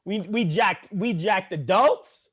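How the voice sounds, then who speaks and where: High-voiced man from Brooklyn, casual co-host. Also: slow, over a noisy crowd. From Brooklyn, New York. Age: adult father of young kids. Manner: blunt, profane, laughs easily. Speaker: podcast co-host. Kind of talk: casual chat.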